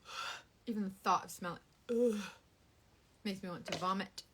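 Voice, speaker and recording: A woman in her thirties chats casually and dramatically, her voice bright and forceful. She talks with big swings of feeling. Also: medium pitch, normal speed, husky. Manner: animated, dramatic, Southern US sayings. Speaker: beauty seller on a live stream. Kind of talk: casual chat.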